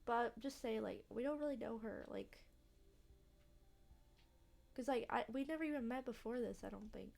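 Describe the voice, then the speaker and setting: A woman's voice: fairly high pitch, normal speed, creaky, pauses often, darkish tone. A woman casually commenting while playing a story game, chatty and blunt, filling her talk with "like". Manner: chatty, lots of "like", blunt reactions. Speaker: let's play gamer.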